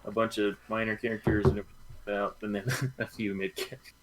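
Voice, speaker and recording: A man co-hosting a casual book club podcast, speaking in a measured, slightly hesitant and thoughtful way. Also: fairly low pitch, level tone, noisy background. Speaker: podcast co-host.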